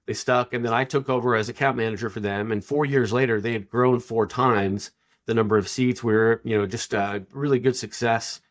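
A man's voice: medium pitch, fairly quick. Middle-aged guy on a podcast telling work stories, keeps acting out what people said, plain mid voice. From Texas. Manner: animated, acts out quoted dialogue. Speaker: podcast guest. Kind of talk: casual storytelling.

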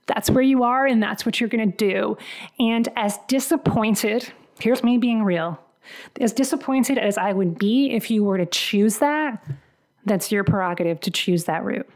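A woman's voice: fairly high pitch, unhurried, a little mellow. A woman giving a motivational career-coaching podcast monologue, earnest and emphatic, acting out bits of dialogue along the way.

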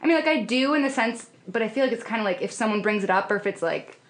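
A young woman talking as a podcast guest in casual chat, quick and loose with plenty of fillers. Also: a little high, lively intonation, roomy sound. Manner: chatty, quick, lots of fillers like "like".

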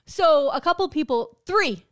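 High-voiced, foul-mouthed woman podcaster. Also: a little slow, background noise. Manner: swears freely, animated storytelling with laughs. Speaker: podcast co-host. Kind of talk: casual chat.

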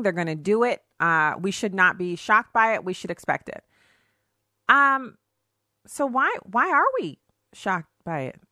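A woman hosting a talk radio show, giving animated opinion commentary and mocking opponents in put-on voices. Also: mid-range voice, no echo, clean studio sound.

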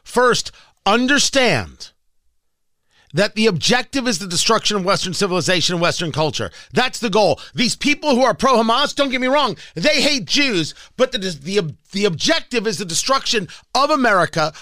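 A man's voice: high voice, big pitch swings, normal speed, pushed and bright, no echo, studio quality. A man hosting a political talk radio show, delivering a combative, sarcastic monologue with emphatic swings.

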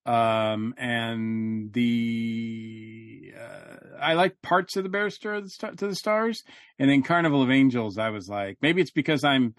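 Clean studio audio with no echo captures a man co-hosting a podcast, speaking a little slowly in a mid-range voice. His review chat is casual and rambling, packed with fillers and restarts.

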